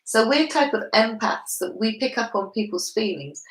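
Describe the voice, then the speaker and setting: A woman's voice: a little high, animated, moderate pace, a bit bright, echoey room, low-quality recording. A woman with a confident manner, explaining at length in a casual book club chat.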